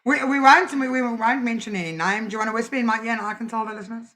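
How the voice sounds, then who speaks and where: A woman's voice: a little high, racing, fairly bright tone, a little hiss or hum. A woman co-hosting a podcast in casual chat, playful and teasing, laughing often. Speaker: podcast co-host.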